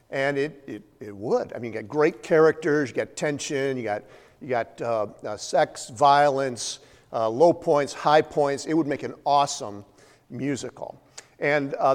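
A man delivers a sermon in a big hall with a long, ringing reverb trailing after his words. His pitch sits in an ordinary middle range. He tells the story casually, stumbling over fillers and tossing in wry asides. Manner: conversational storytelling with frequent fillers and humorous asides. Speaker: preacher.

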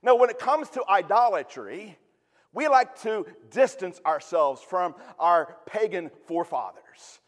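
A man's voice: high-pitched, expressive, unhurried, long reverb tail. A man preaching a sermon in a conversational way, with humorous asides. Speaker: pastor.

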